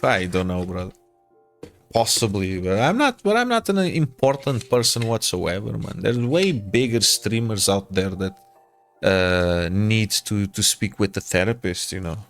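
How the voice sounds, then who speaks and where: A man's voice: lowish voice, animated, a little slow, a bit bright, soft background music. A man with a Portuguese accent, a native Portuguese speaker, chatting casually with viewers as a game streamer, repeating himself and calling people brother.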